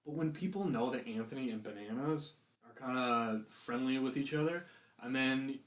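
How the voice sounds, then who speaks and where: A man's voice: mid-range voice, moderate pace. A man co-hosting a casual podcast, chatty and opinionated, repeating himself for emphasis. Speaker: podcast co-host. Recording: roomy echo.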